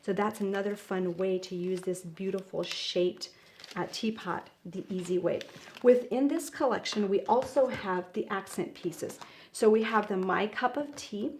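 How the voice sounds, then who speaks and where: A woman walks through a papercraft project step by step, speaking in an easygoing instructional way. She fills pauses with ums and corrects herself as she goes, sounding relaxed and practical. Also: mid-range voice, a little hiss or hum. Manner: friendly instructional, frequent ums. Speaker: craft demonstrator. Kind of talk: tutorial demonstration.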